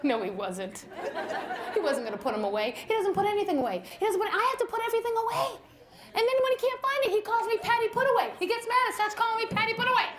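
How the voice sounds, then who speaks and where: High-voiced brassy woman doing stand-up. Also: expressive, quick pace. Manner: brassy, exasperated, mimics her husband. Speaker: stand-up comedian. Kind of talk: stand-up comedy set. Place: live comedy venue with audience. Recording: echoey room with crowd noise.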